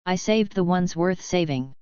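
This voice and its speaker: A cold, unhurried alien father speaks in a flat, matter-of-fact way, as a woman narrator reads him. The voice sits low and very clear, in a dry, slightly dull recording. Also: no room sound. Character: cold, calm alien father, middle-aged man.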